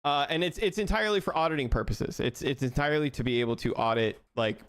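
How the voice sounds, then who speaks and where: A young man live-streaming as he codes, talking casually to his chat, laughing often and thinking out loud with restarts. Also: a little high, quick pace, smooth.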